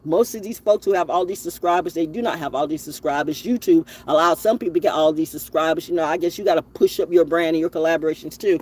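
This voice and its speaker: A woman's voice: fairly low pitch, fast, few pauses, a little mellow, slight background noise. A woman delivering a profane, confrontational monologue to her viewers. She scolds and rambles, circling back and repeating her points. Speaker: spiritual vlogger. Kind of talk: ranting monologue to camera.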